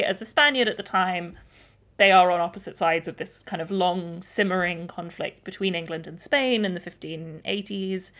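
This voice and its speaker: A woman's voice: mid-range voice, a bit bright. A woman co-hosting a casual book discussion, explaining the plot enthusiastically and laughing now and then. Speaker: podcast co-host.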